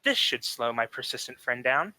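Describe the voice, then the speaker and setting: A man's voice: medium pitch, very animated, normal speed, bright, forceful tone, no room sound. A man voicing a polite, fretful flying hero with a genteel, courteous way of talking. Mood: hurried.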